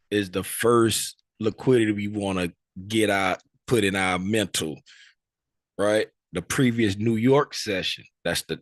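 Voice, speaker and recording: A man with a fairly low voice leads a live trading lesson, firing questions at his students and circling back to the same point again and again. His voice is close and dry, with no room sound around it. He checks in constantly with "right?" and "okay?". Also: no echo. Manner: quizzing students, repeating key points, tag questions. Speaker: trading instructor. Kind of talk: live teaching session with students.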